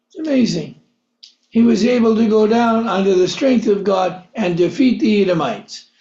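A man's voice: high voice, normal speed, warm tone, reverberant, lo-fi sound. A man preaching a Bible-teaching sermon, reading verses in old scriptural wording, explaining them conversationally and asking his listeners rhetorical questions.

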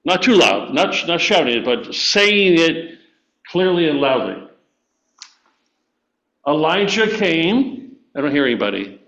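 A church teacher leads children through a memory verse, his fairly high voice very animated, a bit bright, at a moderate pace. He encourages them warmly, repeating lines and coaxing everyone to recite together, on a dull lo-fi recording.

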